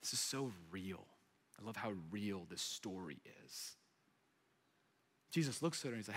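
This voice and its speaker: A man's voice: medium pitch, moderate pace, long pauses. A man in his thirties preaching a sermon, telling stories and acting out the voices of the people in them. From United States. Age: 30s. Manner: animated storyteller, acting out voices. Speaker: pastor. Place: large church hall. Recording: echoey hall.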